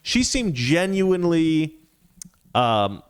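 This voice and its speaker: A man hosting a talk show, telling an anecdote in a casual, animated way and reading viewer comments, laughing often. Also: a little high, slow pace, smooth, dry recording, clean studio sound. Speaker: podcast host.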